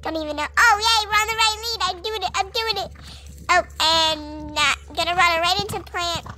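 A woman's voice: extremely high pitch, moderate pace, bright, forceful tone. A woman voicing a cheeky young mare, a project pony, chatting playfully in a teasing comic voice-over with lots of "like".

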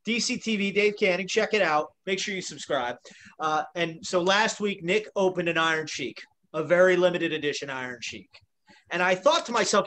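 A man's voice: high-pitched, normal speed, pushed and bright, slight background noise. A man co-hosting a casual video podcast, joking and teasing his guest, with a self-described nitpicky streak. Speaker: podcast co-host.

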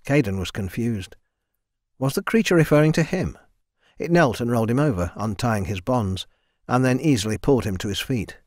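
A man narrating a fantasy audiobook in a steady, measured way, close to the mic. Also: mid-range voice, no room sound. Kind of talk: scripted narration.

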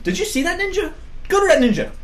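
A woman's voice: extremely high pitch, very animated, fast talker. A woman co-hosting a casual comedy chat show, joking and acting out silly voices as she goes. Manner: jokey, laughing, acts out silly voices. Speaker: co-host.

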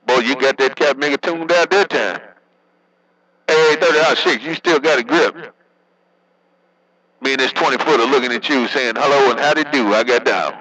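A man's voice: mid-range voice, normal speed, long pauses, bright, forceful tone, poor audio. A working man chatting casually over a CB radio, joking in loose slang and laughing often. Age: adult, working. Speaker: CB radio operator.

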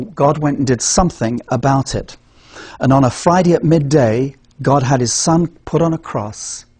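An evangelism trainer from England demonstrates a gospel presentation, earnestly posing rhetorical questions and then answering them himself. His mid-range voice has a darkish, slightly rough tone, with no room sound.

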